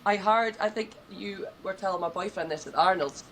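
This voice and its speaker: A woman's voice: mid-range voice, moderate pace, very noisy. Candid young woman host, casual podcast chat, loose and sweary.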